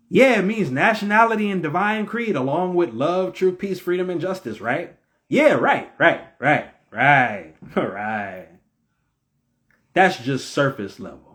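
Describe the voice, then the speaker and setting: A man hosting his own video, giving a casual spiritual talk full of rhetorical questions in a preachy manner. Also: sits high. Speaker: video host.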